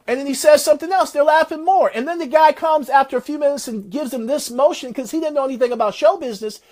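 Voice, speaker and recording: A man giving a motivational talk, retelling a success story in an animated, preacher-like way. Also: very high-pitched, fast. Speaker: motivational speaker.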